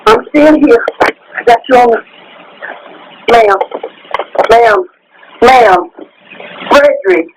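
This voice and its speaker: A woman's voice: a little high, slow pace, long pauses. A woman calling emergency services, distraught and crying, pleading and repeating a name over a phone line. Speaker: 911 caller. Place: at home. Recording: noisy phone line recording.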